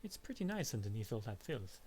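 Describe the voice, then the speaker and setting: A man's voice: on the low side, sing-song, brisk, warm tone, slight background noise. A man putting on a guarded old washwoman. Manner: guarded, folksy. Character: older evasive village washwoman.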